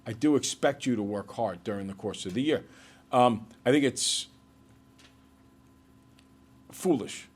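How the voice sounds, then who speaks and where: A man's voice: mid-range voice, a little slow, pauses often. Man teaching a math class. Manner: lecturing students, then working problems with the class.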